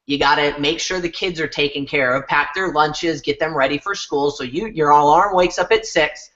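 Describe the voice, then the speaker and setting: A man speaking as a guest coach, retelling a coaching conversation in an animated way and often repeating words. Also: a little high, moderate pace. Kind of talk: motivational storytelling talk. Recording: dull lo-fi recording.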